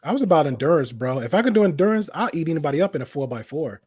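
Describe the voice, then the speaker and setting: A man's voice: a little high, very animated, rapid-fire, a little mellow, husky. A man with a faint Southern drawl, telling stories in casual chat. He acts out quotes and swears freely. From American South.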